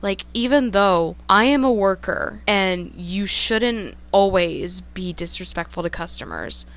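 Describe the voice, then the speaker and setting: A woman's voice: medium pitch, unhurried, a bit bright. A young woman telling a personal story in a casual vlog monologue, candid, emotional and openly profane. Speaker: storytime vlogger.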